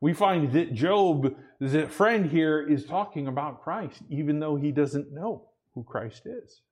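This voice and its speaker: A man preaching a sermon in a relaxed, conversational way, checking in with "amen?" and acting out little everyday scenes. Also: a little high, slow, husky. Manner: conversational preaching with frequent "amen?" and acted asides. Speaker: pastor.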